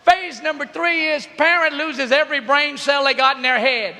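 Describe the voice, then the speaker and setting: A middle-aged man giving a comedic talk to teens, telling animated stories and often shouting. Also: very high-pitched, moderate pace. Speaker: youth speaker. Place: large arena. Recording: long echo of a big arena.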